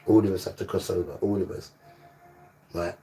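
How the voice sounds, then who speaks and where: A man's voice: sits low, little pitch movement, normal speed, warm tone, recorded from a distance, faint music behind. A man preaching on a livestream, emphatic and repetitive, sometimes scolding his listeners. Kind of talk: livestreamed sermon.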